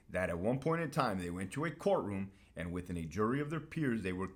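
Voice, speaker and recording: Blunt, profane man with a very deep voice. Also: a bit bright. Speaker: host. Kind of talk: casual monologue to camera.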